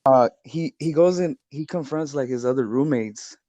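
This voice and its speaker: A man's voice: medium pitch, moderate pace, dark tone, no room sound. Laid-back SoCal guy telling a story. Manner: rambling, repeats words, heavy swearing. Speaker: podcast co-host. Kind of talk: casual storytelling chat.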